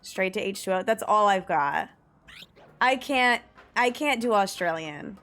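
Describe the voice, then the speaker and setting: A woman's voice: mid-range voice, lively intonation, a little slow, a bit bright. A young woman streamer in casual live-stream chat, musing aloud and reading search results. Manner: chatty and musing, reads search results aloud with frequent laughs.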